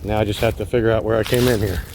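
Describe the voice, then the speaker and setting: A man vlogging while he walks wooded park trails, thinking aloud in a relaxed way with frequent pauses, filmed on a phone held on a gimbal. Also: fairly low pitch, background noise. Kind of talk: casual walking narration.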